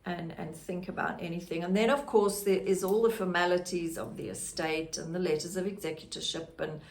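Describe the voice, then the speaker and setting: A woman's voice: lowish voice, steady tone, a little fast. A middle-aged woman, a podcast host candidly telling her personal story in a reflective way. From South Africa. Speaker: podcast host, grief guide.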